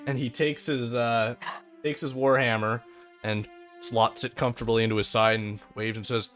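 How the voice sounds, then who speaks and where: A game master narrating a tabletop role-playing game casually, with fillers and quick laughs. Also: medium pitch, steady tone, a bit bright, faint music behind.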